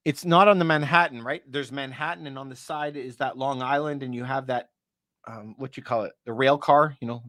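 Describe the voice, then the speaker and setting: In a clean studio recording with no room sound, a man speaks in a mid-range voice. He's a real estate broker on a casual livestream, chatting away, greeting viewers by name and dropping quick asides, though too much talk has him losing his voice.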